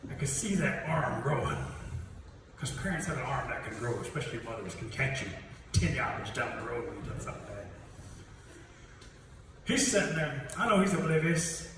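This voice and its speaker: A man telling stories to students in a lively way, chuckling at his own jokes and acting out the voices. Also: medium pitch, normal speed, long pauses. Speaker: storyteller. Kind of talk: storytelling to students. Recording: echoey hall from far off, background noise.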